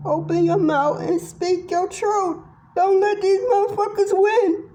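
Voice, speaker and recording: A woman's voice: very high-pitched, steady tone, a little slow, dark tone, slight background noise. A middle-aged woman giving a tarot reading monologue to viewers, blunt, profane and impassioned. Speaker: tarot reader.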